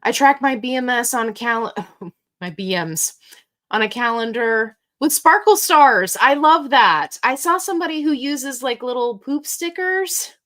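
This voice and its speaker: A woman's voice: sits high, expressive, a little slow, fairly bright tone. A woman hosting a casual livestream Q&A, talking in a chatty, rambling, joking way with plenty of tangents. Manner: chatty, rambling, jokey storytelling. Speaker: host.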